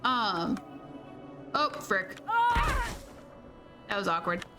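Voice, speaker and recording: A woman's voice: mid-range voice, extremely slow, loud music behind the voice. A woman streaming a video game, chatting casually with viewers, laughing often and swearing playfully. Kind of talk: casual gameplay chat.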